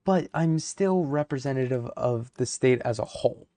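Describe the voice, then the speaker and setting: A man's voice: medium pitch, moderate pace, warm tone, no echo. Young man ranting heatedly, dry sound. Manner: heated, rambling, swears, many fillers. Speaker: vlogger. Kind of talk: ranting to camera.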